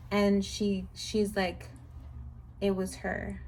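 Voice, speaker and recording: A young woman chatting casually in a book review vlog, retelling scenes with animated, exasperated commentary. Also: mid-range voice, slow pace, a little hiss or hum. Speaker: book vlogger.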